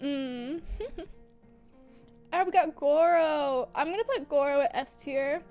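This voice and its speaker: A woman's voice: high voice, takes it slowly, a little mellow, faint music behind. A young woman streaming, chatting casually with lots of fillers and frequent giggles as she gushes. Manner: giggly, laughs often mid-sentence; gushing, filler-heavy. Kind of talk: casual livestream chat.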